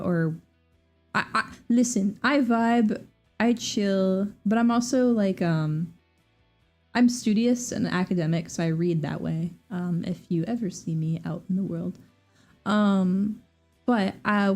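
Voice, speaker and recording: A woman in her twenties with a Southern US accent, chatting casually on a livestream in a fast, rambling, animated way with lots of fillers and restarts. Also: lowish voice. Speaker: streamer.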